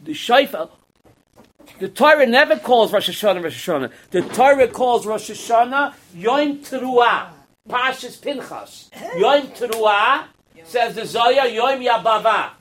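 A man's voice: very high voice, expressive, a little slow, fairly bright tone. A man giving a Torah class as a rabbi, quizzing his students and acting out parables.

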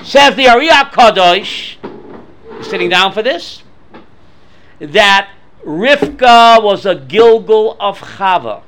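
A man teaching a Bible class, quizzing his students with questions in an animated way. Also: high voice, clear, resonant tone. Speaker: Torah teacher.

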